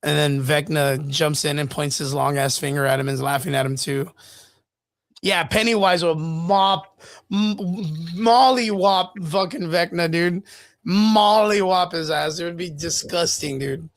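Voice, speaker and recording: Unhurried and a bit high in pitch, this man co-hosts a casual streamed chat show, tossing out loose jokes and swears and plenty of "dude" and "bro." The streaming mic picks him up with no echo.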